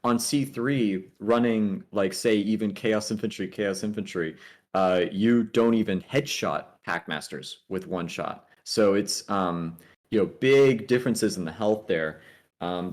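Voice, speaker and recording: A man's voice: on the low side, darkish tone. A man casting a video game match, breaking down strategy in detail with frequent "um" fillers. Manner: analytical, many "um" fillers. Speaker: esports caster. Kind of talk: game commentary.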